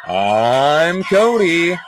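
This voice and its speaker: A man's voice: on the high side, very slow, over music. A man co-hosting a casual podcast, joking and laughing while doing a watch-along commentary. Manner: joking, animated, laughs often. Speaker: podcast co-host.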